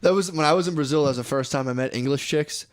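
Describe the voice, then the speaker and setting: A man's voice: a little high, quick pace. A young adult man co-hosting a podcast, rambling through crude travel stories with lots of filler and laughter. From United States. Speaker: podcast co-host. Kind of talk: casual crude banter.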